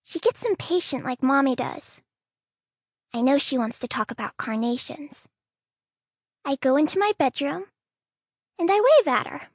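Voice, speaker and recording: High-voiced woman reading an audiobook. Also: animated, unhurried, long pauses, dry recording, studio quality. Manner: childlike first-person reading, soft and quiet. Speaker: audiobook narrator. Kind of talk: scripted audiobook narration.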